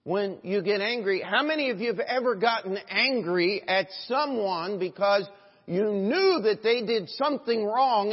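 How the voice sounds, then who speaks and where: A male American pastor preaching a sermon in a church, moving from quiet reflection to loud, emphatic exhortation and often calling out "Amen?" to the congregation. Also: high-pitched, husky. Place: church sanctuary. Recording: dull recording with long church reverb.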